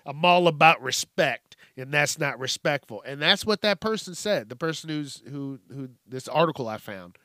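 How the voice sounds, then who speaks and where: A podcast host goes on a casual, profane comedic rant, animated and acting out other people's voices. His voice is a little high, at normal speed with few pauses, recorded dry at studio quality.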